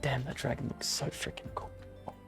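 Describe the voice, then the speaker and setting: A man casually chatting to himself and his chat while playing a game, excitable and prone to swearing. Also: fairly quick, music in the background. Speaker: streamer.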